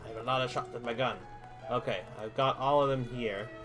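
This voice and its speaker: A man giving casual let's-play commentary, chatting to himself as he plays and breaking into excited bursts. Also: mid-range voice, brisk, over music. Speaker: gamer streaming a playthrough.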